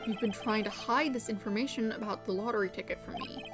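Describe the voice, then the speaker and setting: A woman's voice: medium pitch, fast talker, lightly acted. A woman voicing an earnest young male defense lawyer, reading game lines aloud over game music. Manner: earnest, accusing.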